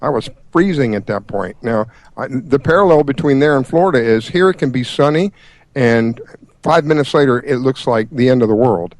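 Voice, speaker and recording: A man's voice: mid-range voice, lively intonation, moderate pace, darkish tone. A man hosting a casual chat, telling a story with many hesitations and restarts.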